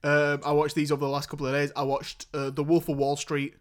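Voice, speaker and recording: A man's voice: a little high, monotone, fast talker. A young man hosting a podcast in casual, rambling chat. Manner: rambling, chatty, laughs while retelling scenes. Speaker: podcast host.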